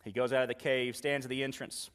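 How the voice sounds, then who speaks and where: A man's voice: mid-range voice, little pitch movement, fast talker, a bit bright, smooth. A male pastor preaching a sermon in a conversational, emphatic style, repeating phrases to drive each point home. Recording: long reverb of a large hall.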